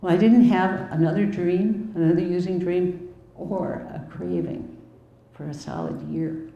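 A Milwaukee woman in her fifties gives her personal recovery testimony, speaking candidly and conversationally with wry asides. Her voice is on the low side and creaky, with fairly even intonation and a measured pace, in a reverberant, muffled recording.

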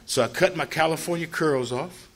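An older man from Ohio telling his own story in a loose, rambling way, jumping his voice up high when he acts out what people said. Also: moderate pace, slight background noise. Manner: animated, acts out quoted people with a raised voice; loose, rambling with frequent "you know" asides. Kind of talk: personal storytelling.

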